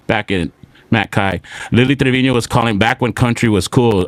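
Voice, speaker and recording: A young man from South Texas with a slight twang, hosting a casual live show and reading out viewer shout-outs. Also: fairly low pitch, fast talker, dry recording. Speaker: show host.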